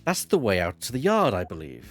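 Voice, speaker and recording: A man's voice: on the low side, wildly swooping pitch, brisk, a bit bright, faint music behind. A man playing Miles Edgeworth, dry and formal. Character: composed refined male prosecutor. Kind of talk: fan voice dub of a video game.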